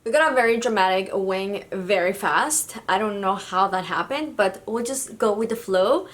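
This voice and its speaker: A woman's voice: medium pitch, normal speed, a bit bright. A woman from Mexico, a beauty vlogger, chatting casually through a makeup tutorial with easy fillers.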